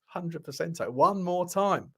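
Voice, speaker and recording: A man's voice: high-pitched, expressive, unhurried, creaky, pushed and bright, breathy edge. A man hosting a casual football livestream, chatty and thinking aloud, swearing now and then. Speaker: football channel host.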